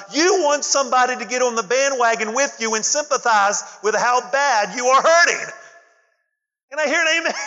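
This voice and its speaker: A man preaches a sermon in a high, bright, forceful voice, calling on the congregation to answer him back. The recording is dull and lo-fi, with a long hall reverb.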